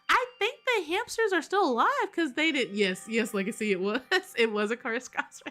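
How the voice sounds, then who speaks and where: A woman chatting casually while streaming a game, animated and quick to laugh and swear, greeting her viewers. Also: sits high, soft background music. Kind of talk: casual live game commentary.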